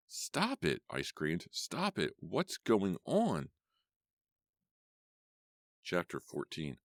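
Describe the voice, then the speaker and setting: A man's voice: fairly bright tone, no room sound, studio quality. Man doing a frantic teenage boy. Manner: shrill pleading cries. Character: panicked teenage boy, jumpy and scared.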